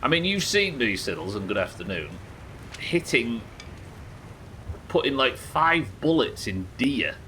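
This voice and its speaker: A man commentating his own live game stream, excitable, swearing and talking to his chat. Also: medium pitch, measured pace, long pauses, slight background noise.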